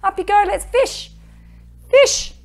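A woman's voice: very high-pitched, slow pace, gravelly, darkish tone, voice pushed up, heavily acted. A woman voicing her eager, clever pet dog as a confident, chirpy girl. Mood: cocky.

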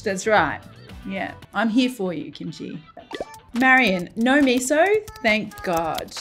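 A woman's voice: fairly high pitch, expressive, a little slow, a bit bright, faint music behind. A middle-aged woman hosting a cooking channel, reading comments aloud in a playful, giggly way with frequent laughter.

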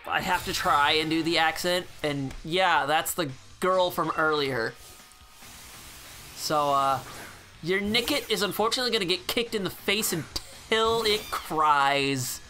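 A man's voice: fairly high pitch, measured pace, pushed and bright, faint music behind. A man giving casual, sarcastic gameplay commentary, swearing freely. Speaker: gameplay channel host.

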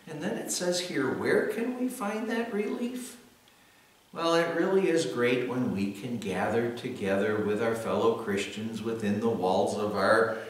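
Man, pastor, devotional talk, slow and earnest, very echoey room, heard from a distance. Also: lowish voice. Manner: unhurried, earnest, with many "well" fillers.

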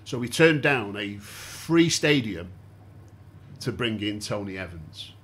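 Low-voiced podcast host. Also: male voice, takes it slowly, slight background noise. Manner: steady explanatory recounting with questions to guests. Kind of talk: casual podcast chat.

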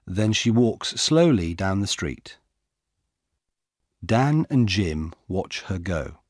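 Slow, clear male narrator. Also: deep voice, very animated, darkish tone, no echo, clean studio sound. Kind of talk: graded reader narration for English learners.

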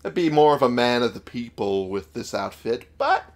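A man's voice: mid-range voice, sing-song, normal speed. A man casually commenting on a game he is playing, goofy and joking, swearing freely. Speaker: let's play gamer.

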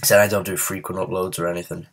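A gaming channel host with a very deep, low voice narrates a let's play at a quick pace in a level tone. He sounds ill and grows frustrated, muttering and swearing at the game between comments, while a faint hiss sits behind him.

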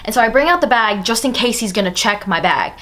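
A woman's voice: fairly high pitch, animated, fast talker, sharp tone. A young woman telling a personal story in a casual vlog, chatty and full of "like.". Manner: chatty, fillers of "like" throughout. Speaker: storytime vlogger.

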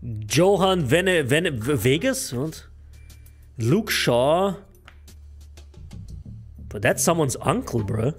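A male streamer talking casually on a live stream, excitable, swearing often and stumbling over hard names. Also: on the high side, slow pace, long pauses, soft background music.

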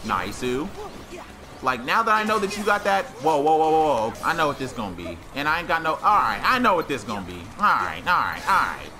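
A man giving excited gameplay commentary, slangy and trash-talking, with loud outbursts. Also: a little high, brisk. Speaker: gaming YouTuber. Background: game music.

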